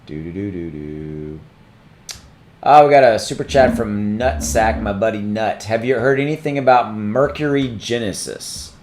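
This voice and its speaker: A man hosting a casual crypto livestream, rambling and thinking aloud while he looks things up, his voice starting to go hoarse. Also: fairly low pitch, expressive, a little slow, darkish tone, a little hiss or hum. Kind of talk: casual live-stream chat.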